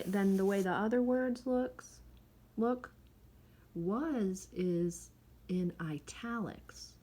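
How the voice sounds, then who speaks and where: A woman's voice: mid-range voice, dark tone. A woman teaching by reading a chapter book aloud to children, stopping in a chatty way to explain words and punctuation. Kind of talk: read-aloud lesson to children.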